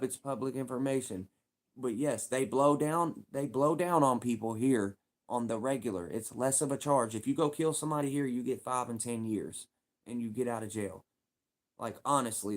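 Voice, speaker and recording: A young man from Louisville with a thick Kentucky accent chats loosely on a livestream. He rambles and repeats himself, dropping street slang as he goes, at an ordinary mid pitch. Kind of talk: casual livestream chat.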